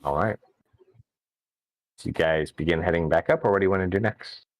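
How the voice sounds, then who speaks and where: A man narrating as game master in a tabletop game, relaxed and halting, with frequent fillers. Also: deep voice, dry recording, poor audio.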